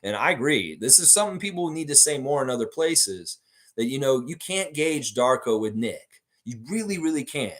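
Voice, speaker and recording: A man's voice: mid-range voice, sing-song, moderate pace, fairly bright tone. Rambling chatty man hosting a livestream. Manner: rambling, lots of fillers, enthusiastic about chat comments. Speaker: host of a fan livestream. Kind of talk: casual livestream chat answering viewer comments.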